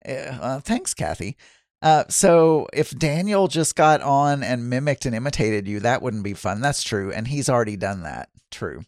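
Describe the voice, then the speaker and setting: With an animated, medium-pitched, darkish voice at normal speed, this Arkansas man hosts a casual solo podcast and reads listener messages aloud. The studio sound is clean with no echo. He chats in a self-deprecating way, often laughing and starting over.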